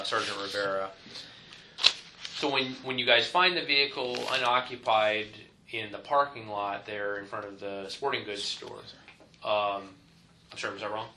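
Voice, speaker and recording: Sharp, low-voiced methodical interviewer. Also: male voice, steady tone, a little slow, slight background noise, low-quality recording. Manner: careful, methodical questions with "uh" and "um" fillers and apologies. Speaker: investigator conducting the interview.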